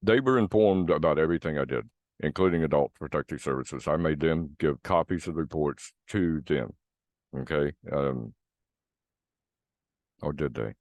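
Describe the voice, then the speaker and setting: A man with a very low voice delivers a blunt, profane monologue aimed at his viewers. He circles back to the same points again and again. The recording is dry and close, with no room sound. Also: moderate pace, a little mellow, dry recording. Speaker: vlogger.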